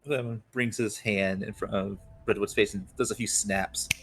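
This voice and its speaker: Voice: low-pitched, fairly even intonation, moderate pace, over music. A player in a tabletop game casually describing their character's actions in the third person.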